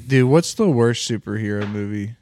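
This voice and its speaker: A man's voice: lowish voice, normal speed, slight background noise. A man chatting casually on a podcast, rambling and swearing as he tells stories. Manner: swears a lot, rambling and animated. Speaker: podcast host. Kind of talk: casual chat.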